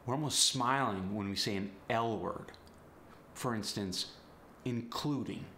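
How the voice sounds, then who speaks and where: In an instructional video, a man with a fairly low, unhurried voice and a sharp tone coaches accents in an upbeat, teasing way. The recording has a roomy echo and a little hiss or hum.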